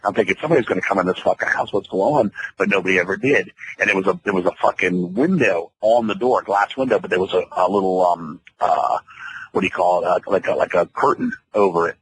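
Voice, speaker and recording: A man with a low, bright voice tells a story at a quick clip. He rambles, curses often and acts out his own reactions. This is a casual radio interview. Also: husky, rough recording. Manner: profane, rambling, animated. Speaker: interview guest.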